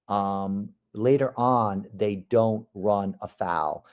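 A man giving a podcast lecture on courtroom technique, measured, with frequent fillers and restarts. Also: on the low side. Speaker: legal instructor.

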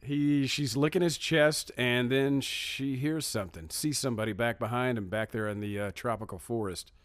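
A man's voice: mid-range voice, moderate pace, no room sound, clean studio sound. A man co-hosting a podcast, recapping a film in casual chat and acting out quoted lines. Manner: animated, acts out quoted lines. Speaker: podcast co-host.

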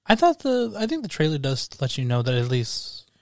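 Lively, higher-voiced man who laughs and swears. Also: moderate pace, dry recording, clean studio sound. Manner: laughing often, swearing, animated. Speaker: podcast co-host. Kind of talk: casual film-review chat.

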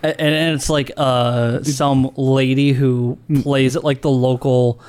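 A man's voice: mid-range voice, little pitch movement, slow pace, darkish tone, clear, resonant tone. A man on a comedy podcast, describing scenes hesitantly with many fillers. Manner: hesitant, filler-heavy storytelling. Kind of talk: casual chat, riffing jokes.

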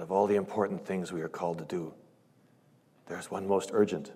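Male preacher, lowish voice, fervent sermon delivery with loud climaxes and hushed asides; large reverberant sanctuary. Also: fairly even intonation, fairly quick, breathy edge. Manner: impassioned, swells loud on scripture quotes and drops to hushed asides. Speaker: guest preacher. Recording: long church reverb.

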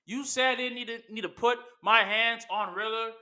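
A man playing a boastful veteran male wrestler, cutting a taunting promo in a higher, bright voice. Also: fairly even intonation, moderate pace, exaggerated voice.

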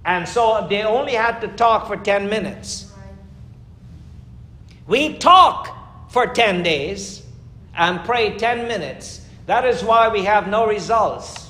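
A man preaching a fervent sermon as pastor, emphatic, with sudden rises and slowed, stressed lines. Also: high-pitched, a bit bright. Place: church. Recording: echoey church room.

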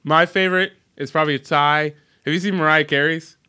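Young male host for a loose entertainment chat show; bright, lively delivery full of jokes. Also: a little high, fairly quick, clean tone. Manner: joking, animated storyteller who mimics voices. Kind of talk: casual podcast chat.

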